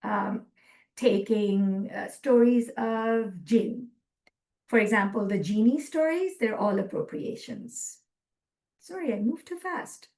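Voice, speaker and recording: A woman presenting a webinar lecture from slides, earnest and measured, with frequent ums. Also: fairly high pitch, a little mellow.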